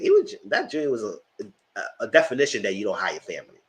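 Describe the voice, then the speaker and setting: Man, low voice, very lively pitch, AAVE, casual reality-show recap, chatty. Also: quick pace, rough recording. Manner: chatty, animated, jumps into high falsetto when quoting himself. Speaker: TV recap commentator.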